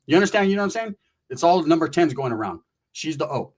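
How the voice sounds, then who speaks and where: A man's voice: fairly high pitch, fast talker, husky. A man from Northern California telling a wild personal story in casual, profane street slang sprinkled with Spanish words, acting out the people in it. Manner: animated, acts out the people in his story.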